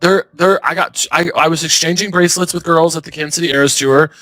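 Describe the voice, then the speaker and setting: A young man, a stand-up comedian, chatting as a podcast guest and telling animated stories with acted-out quotes. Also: on the high side, quick pace, no echo. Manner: animated storyteller, acts out quotes. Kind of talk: casual chat.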